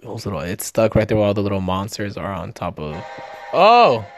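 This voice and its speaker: A man's voice: fairly low pitch, moderate pace, soft background music. A man hosting a podcast, breaking down a movie trailer in a casual, joking and profane way, often tripping over his words. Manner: excited, jokey, profane, stumbling over words. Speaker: podcast host.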